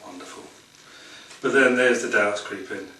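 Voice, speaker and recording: A man's voice: on the low side, moderate pace, sharp tone. A man reading tarot cards for a small audience in a chatty, rambling way, often laughing at his own stories. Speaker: tarot reader. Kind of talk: casual talk to a small audience. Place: room at a public talk. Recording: echoey room, far from the mic, noisy.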